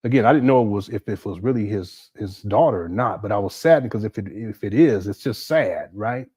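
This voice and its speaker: A man talking casually on a livestream, breaking into laughter often as he reads viewer messages. His pitch swings widely from low mutters to high exclamations, and the sound is dry and close. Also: expressive, fairly quick, darkish tone, slightly rough, dry recording. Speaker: livestream host.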